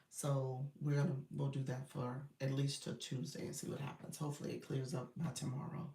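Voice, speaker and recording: A woman's voice: low voice, level tone, a little fast, vocal fry, few pauses, a little mellow. A woman coach chatting casually on a live stream, loose and talkative with lots of fillers. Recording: roomy, distant phone audio.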